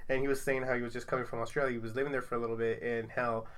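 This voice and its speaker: Fast-talking man chatting loosely. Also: medium pitch, little pitch movement, crowd noise. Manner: rambling, loose, laughs often, swears casually. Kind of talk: casual chat.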